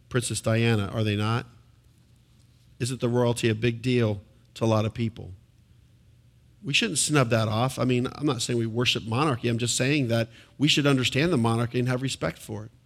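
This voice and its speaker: A pastor preaching a sermon to a congregation in church, animated and often asking the listeners questions. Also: male voice, mid-range voice.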